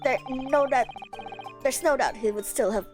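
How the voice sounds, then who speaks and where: A woman's voice: sits high, unhurried. A woman voicing a hesitant male police inspector who stammers nervously, over game music. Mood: flustered.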